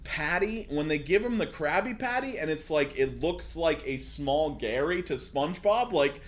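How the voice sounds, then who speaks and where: Reading a story live on stream, this young man has a high-leaning, slightly bright voice. He laughs, mocks, swears and talks to his chat, turning it into a casual reading with joking asides.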